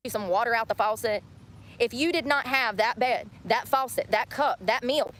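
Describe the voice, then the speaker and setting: A woman's voice: a little high, moderate pace, fairly bright tone, slight background noise. A woman livestreaming herself, ranting in an indignant way and repeating herself as she tells her story.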